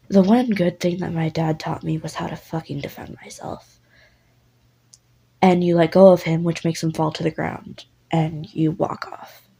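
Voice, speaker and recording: A woman's voice: on the low side, vocal fry, dark tone, breathy edge, poor audio. A woman casually narrating a listener role-play story in a rambling, apologetic way, with lots of fillers and swearing.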